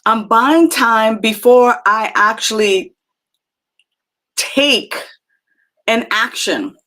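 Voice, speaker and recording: A woman hosting a live spiritual talk show, speaking gently and reflectively with many fillers and restarts as she answers chat comments. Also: on the high side, extremely slow.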